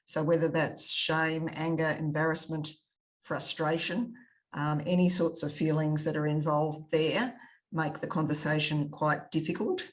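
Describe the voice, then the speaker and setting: An Australian woman speaking as a panelist in a webinar, thoughtful and measured, with frequent fillers. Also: low-pitched, steady tone. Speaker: panelist on conflict resolution. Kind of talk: webinar discussion.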